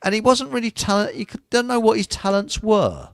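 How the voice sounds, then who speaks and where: A man's voice: sits high, a little fast, vocal fry. A man hosting a casual radio chat, rambling through anecdotes with chuckles. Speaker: host.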